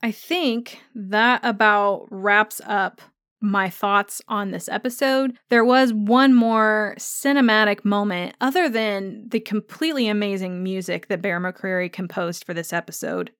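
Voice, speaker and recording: A woman's voice: mid-range voice, a bit bright, clear, resonant tone, no echo, studio quality. A woman hosting a fan podcast, gushing with enthusiasm as she talks through a favorite episode in casual chat. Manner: gushing and enthusiastic, speeding up in rushes. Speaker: podcast host.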